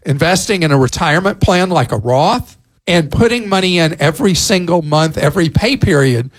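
A man with a fairly high, lively voice talks listeners through money matters. He gives plain-spoken advice in a radio consumer segment. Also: normal speed. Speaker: consumer expert.

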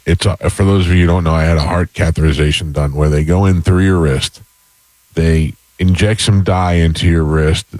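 A man's voice: deep voice, a little mellow, no room sound, rough recording. A man hosting a casual chat, telling a long story full of fillers and restarts. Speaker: podcast host.

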